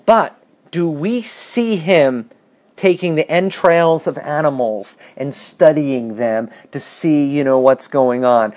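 A man leading a bible study, reading verses and explaining them with lively questions to the class. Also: a little high. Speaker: bible teacher.

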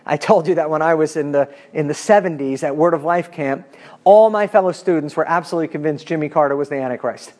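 A man in his fifties teaching a Bible class in a conversational lecture style, animated and chatty with asides to his students. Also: quick pace. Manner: animated, pitch swinging up when emphatic.

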